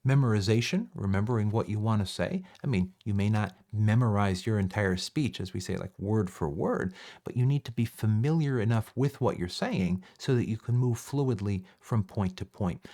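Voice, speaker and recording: Male lecturer, lowish voice, conversational, lively emphasis, keeps asking "right?". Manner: conversational, frequent "right?" checks; fillers and restarts, lively emphasis. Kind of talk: recorded lecture. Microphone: recorded one-take lecture.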